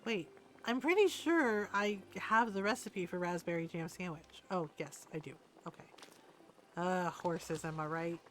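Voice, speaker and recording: A woman's voice: fairly low pitch, unhurried, a little hiss or hum. A woman streaming a game and chatting casually, rambling and often trailing off into ums. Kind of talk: casual chat while playing.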